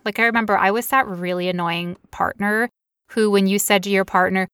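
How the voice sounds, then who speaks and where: A woman's voice: mid-range voice, steady tone, fairly quick, a bit bright, clean tone, no room sound, studio quality. A woman in her thirties, co-hosting a podcast and telling personal stories in a candid, confessional way with frequent "like" fillers. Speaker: podcast co-host. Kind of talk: personal storytelling in casual chat.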